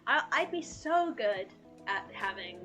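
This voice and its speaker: A woman's voice: medium pitch, big pitch swings, a little slow, sharp tone. A woman streamer chatting casually and joking about herself while reading a game aloud, with game music playing behind. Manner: chatty, self-mocking, giggly.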